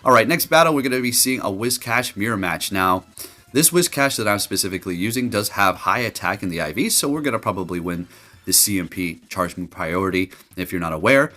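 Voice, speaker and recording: A man giving casual, jokey commentary over his gameplay, getting loud and excited and laughing at his own jokes. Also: fairly low pitch, fairly quick. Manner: animated, jokey, excitable, trash-talking. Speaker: gaming commentator.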